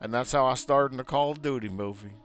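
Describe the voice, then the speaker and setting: A man's voice: mid-range voice, quick pace, muffled recording, slight background noise, close to an everyday voice. A man voicing a washed-up male country singer with a folksy put-on Southern American drawl, as a jokey impression. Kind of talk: jokey impression during game commentary.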